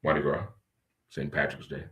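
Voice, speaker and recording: A man hosting a casual talk radio show, joking and animated, swinging between loud outbursts and low muttering. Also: normal speed. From St. Louis.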